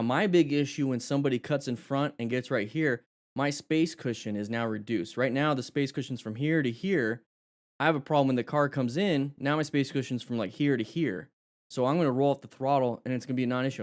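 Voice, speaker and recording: A man's voice: medium pitch, fast. Guy running a live motorcycle class, talks straight to viewers, a little winded. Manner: energetic, talks to viewers directly. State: out of breath. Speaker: motorcycle riding instructor. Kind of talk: live-streamed riding class commentary.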